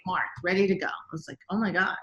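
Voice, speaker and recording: A woman director speaking in an interview, telling animated stories full of quoted reactions and frequent "like"s. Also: on the low side, fast talker, reverberant, highs cut off. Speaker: guest, TV director. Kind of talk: casual interview storytelling.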